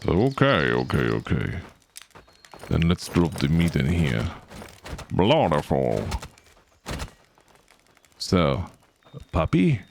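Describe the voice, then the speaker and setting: Slow, gravelly deep-voiced male streamer. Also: huge pitch swings, slight background noise. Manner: chatty, talks to game characters, sings little sound effects. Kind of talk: casual gameplay commentary.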